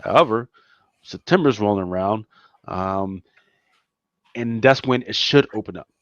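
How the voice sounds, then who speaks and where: A man's voice: on the low side, a little slow, dry recording. Emphatic Philly man, dull dry recording. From Philadelphia, USA. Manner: emphatic, repeats words, peppers speech with "man" and "right?". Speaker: podcast co-host. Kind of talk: casual chat.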